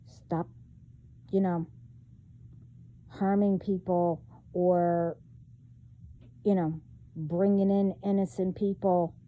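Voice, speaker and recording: A woman vlogging in a casual monologue, talking haltingly with many fillers and trailing thoughts. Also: on the low side, little pitch movement, narrow, tinny audio.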